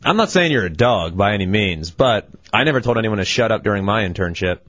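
A man's voice: on the low side, animated, fast talker, fairly bright tone, no room sound, lo-fi sound. A man, a former intern, giving his opinion casually as a guest on a radio show.

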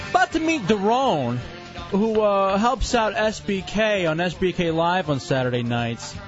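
Male radio host, lively pitch, a bit high, playful rambling banter, muffled audio, faint music.

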